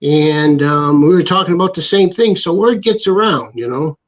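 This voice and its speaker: A man's voice: a little high, normal speed. A man and former wrestler telling a backstage story on a podcast, acting out the quotes with energy. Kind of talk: casual storytelling chat. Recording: slightly dull lo-fi sound.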